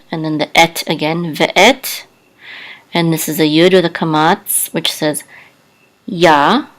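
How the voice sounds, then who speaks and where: Woman, language teacher, deep for her sex, slow and soft-spoken, patient. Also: low-quality recording. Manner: soft-spoken, careful, spells out sounds with many fillers. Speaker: Hebrew teacher.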